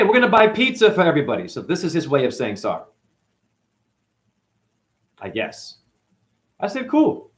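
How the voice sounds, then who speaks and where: A man recounting a conflict with his boss at his cleaning job, talking emotionally and quoting people as he tells it. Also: a little high. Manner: emotional, recounting grievances with acted quotes. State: chronic hip pain. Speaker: janitor. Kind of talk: personal vlog storytelling.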